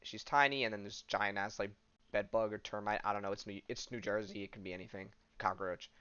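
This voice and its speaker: A podcast host retelling a comic story casually, with lots of fillers and offhand asides. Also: male voice, on the low side, steady tone, fairly quick, bright, forceful tone, smooth, highs cut off.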